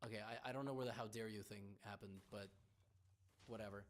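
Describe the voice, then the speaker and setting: A man's voice: lowish voice, fairly even intonation, a little fast, background noise. A man playing chess and thinking his moves through aloud, with stammering restarts and wry teasing of his opponent. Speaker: chess streamer.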